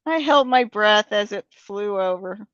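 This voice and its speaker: A woman's voice: mid-range voice, animated, unhurried, a bit bright. A woman with a mid-range voice chats on a livestream, giving short, wry answers. The sound is dry and dull, with no room echo and limited clarity. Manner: wry, brief replies with laughs. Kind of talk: casual political chat. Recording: dull lo-fi stream audio.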